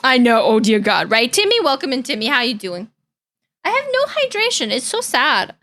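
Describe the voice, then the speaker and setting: High bright-voiced young woman streamer. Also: sing-song, normal speed. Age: young adult. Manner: chatty, caring, playful. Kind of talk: casual reaction-stream chat.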